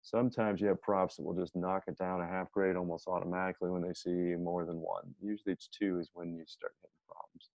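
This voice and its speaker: Deep-voiced and flat in delivery, a male writing teacher runs through a casual grammar lesson fairly quickly with hardly any pauses, frequently correcting himself and reading examples aloud. The tone is darkish, and the recording sounds dull, dry, and lo-fi.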